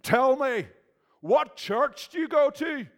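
A man voicing a menacing street tough who quizzes a stranger about which church he attends, in an attempted Irish accent, with a raised, slow voice. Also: very high voice, lively intonation, pitched above the performer's own voice, heavily acted.

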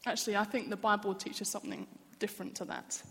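A woman's voice: medium pitch, quick pace, fairly bright tone, long reverb tail. A woman giving an earnest, personal sermon in a church. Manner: earnest, candid, personal storytelling. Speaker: church speaker.

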